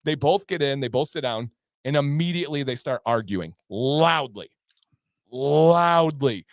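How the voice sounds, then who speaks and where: A man's voice: mid-range voice, brisk, dry recording, clean studio sound. A man co-hosting a show, telling a story casually and acting out the people in it. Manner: animated, acts out voices in the story. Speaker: podcast co-host.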